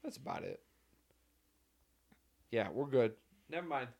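A man's voice: medium pitch, wildly swooping pitch, unhurried, vocal fry, a little mellow, dull audio. A man co-hosting a podcast, chatting casually in a laid-back, profane, rambling way. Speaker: podcast co-host. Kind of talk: casual chat.

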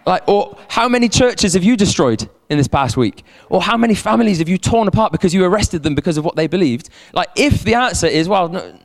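A man's voice: high-pitched, a little fast, hardly any pauses. Man preaching in an echoing hall. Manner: animated, repeats words, asks the audience to respond. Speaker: pastor. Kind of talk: sermon. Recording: long hall reverb.

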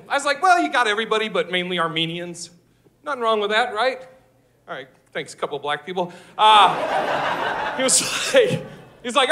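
A man doing a stand-up comedy set on a live stage, loud and brash, swearing and laughing at his own jokes. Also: high-pitched, expressive, fairly quick. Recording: live show with audience laughter.

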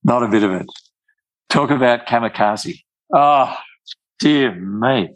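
An older man, telling travel stories in casual chat, with many halting restarts. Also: mid-range voice, no echo, poor audio. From Australia.

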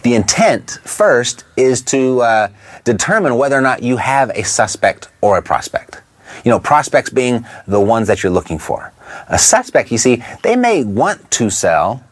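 A man at a middle pitch coaches real estate investors, his voice rising and falling in a lively way. He talks straight to the listener, checking in with rhetorical questions as he lays out his tips. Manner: briefly imitates a Texan twang. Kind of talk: instructional talk to camera.

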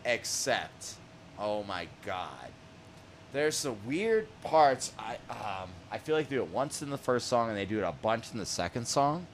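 A man hosting a music podcast in casual chat, profane and excitable, laughing often and shouting out lines he quotes. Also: medium pitch, a little slow, slight background noise. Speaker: podcast host.

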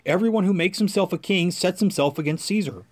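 A man's voice: high voice, brisk, voice pushed up. A man reading the lines of an angry crowd that demands a death. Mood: demanding. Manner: shouted demands.

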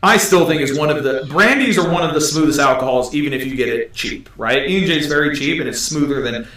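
A man's voice: a little high, quick pace, fairly bright tone. A man hosting a podcast, telling a long story in a casual, profane, rambling way. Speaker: podcast host. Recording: echoey room, distant mic.

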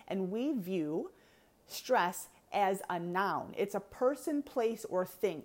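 A woman coach teaches in a loose, chatty way, laughing easily and tossing in little check-ins as she goes. Her voice sits at an ordinary middle pitch for a woman. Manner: chatty, laughs often, animated with filler "okay"s. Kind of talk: teaching talk to an online audience.

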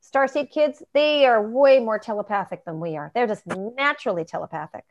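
High-voiced woman telling stories animatedly. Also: animated, lo-fi sound, slight background noise. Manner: emphatic, quick asides, laughs between points. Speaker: guest, nutritionist. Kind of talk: animated storytelling.

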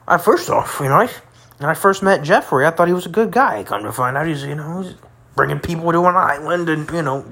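A man's voice: on the high side, fairly bright tone, breathy edge. Rambling tipsy young man, crude slang. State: tipsy and high. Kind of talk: rambling casual monologue.

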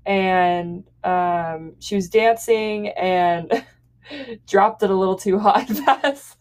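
A woman's voice: medium pitch, drawn-out words, a little mellow. A young woman co-hosting a casual chat, giggly and full of "like" fillers as she tells embarrassing stories. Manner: giggly, lots of "like" fillers, storytelling. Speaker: podcast co-host.

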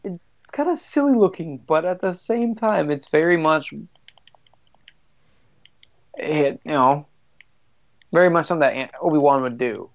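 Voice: mid-range voice, lively intonation, measured pace, pauses often, muffled recording. A podcast co-host chatting casually about a film, with wry, joking remarks. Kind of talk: casual chat.

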